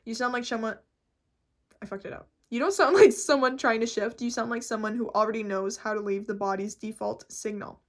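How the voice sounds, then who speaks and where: A woman talks to camera in a relaxed, unscripted way, swearing freely and getting excited mid-sentence. Her voice sits a little high. She reads from notes in between. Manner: profane, excitable, quick to laugh. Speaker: vlogger explaining reality shifting. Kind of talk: casual chat, reading notes aloud.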